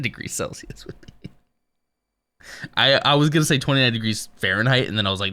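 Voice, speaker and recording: A man's voice: mid-range voice, quick pace. A man streaming live from his home office, chatting casually and rambling a little as he talks to his viewers. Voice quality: smooth voice. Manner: rambling, relaxed, talks to chat.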